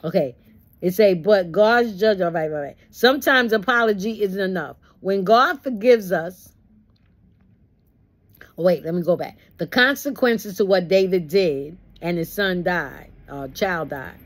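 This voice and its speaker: A woman with a fairly low speaking voice leads a Bible study. She moves between reading the text and talking straight to her listeners in a folksy, preaching way, sometimes acting out what people say. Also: lively intonation, unhurried. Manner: folksy, preachy asides, acts out quotes. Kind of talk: conversational Bible study teaching.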